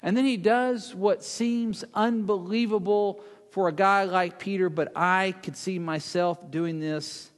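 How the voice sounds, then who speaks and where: A man delivers a sermon with a fairly high voice, retelling scripture as drama. He acts out the speakers in the story and sinks to a hush when he wants to stress a point. His voice rings with the long reverb of a large hall. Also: fairly even intonation, measured pace, few pauses. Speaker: preacher.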